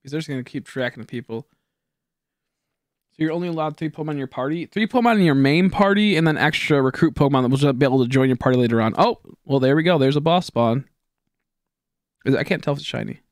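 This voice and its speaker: A man's voice: mid-range voice, animated, fast talker, pauses often, dry recording, studio quality. A young man streaming a video game, chatting casually with viewers in a rambling, profane, joking way. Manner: jokey, goofing with chat.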